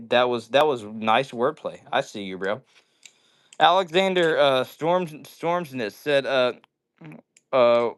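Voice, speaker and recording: A man's voice: mid-range voice, smooth. Upbeat man reading out chat on a stream. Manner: reads chat comments aloud and answers them, upbeat. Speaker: livestream host. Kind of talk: casual live-stream chat.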